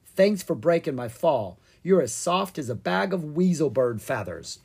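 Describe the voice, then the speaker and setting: A reader voicing a bold, cheerful young girl dragon in a children's storybook, speaking in a bright, excited way. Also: mid-range voice, a little slow, slightly rough, exaggerated voice. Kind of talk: storybook character voice.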